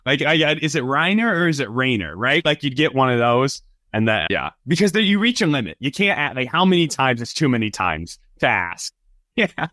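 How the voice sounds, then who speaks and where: A man hosting a sports podcast in casual chat, chatty and quick with asides and laughs. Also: mid-range voice, sing-song, sharp tone, no room sound, clean studio sound. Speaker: podcast host.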